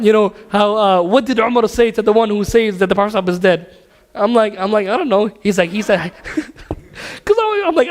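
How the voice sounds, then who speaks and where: Fast, high-voiced man in an echoing hall. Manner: storytelling, laughing, animated asides. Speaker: teacher at a mosque. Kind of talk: casual religious class talk. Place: mosque hall. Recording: hall reverb.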